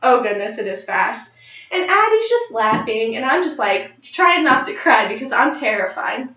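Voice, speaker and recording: A nineteen-year-old woman telling a personal story in a speech, with lively, excited jumps in her voice. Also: on the high side, moderate pace. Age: late teens. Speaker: speaker giving a personal speech. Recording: dull, roomy sound from a distant mic.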